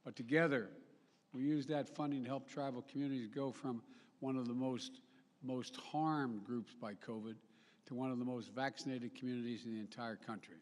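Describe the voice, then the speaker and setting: A man's voice: medium pitch, steady tone, moderate pace. A man giving a formal public speech as a national leader, emphatic, with repetitions, restarts and joking asides. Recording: long reverb.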